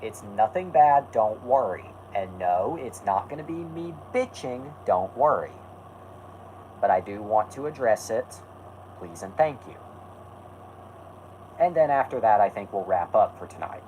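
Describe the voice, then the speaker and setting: A man's voice: fairly low pitch, lively intonation, a little slow, a little mellow, a little hiss or hum, poor audio. A man hosting a live stream, talking casually and rambling, correcting himself and snapping back at his chat.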